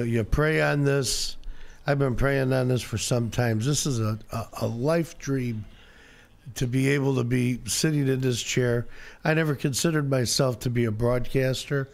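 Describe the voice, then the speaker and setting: A man with a gravelly, creaky voice and a slightly hoarse throat trades dry, teasing jokes in casual radio banter. He sits at a studio microphone, at a middling pitch. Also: measured pace. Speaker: guest co-host.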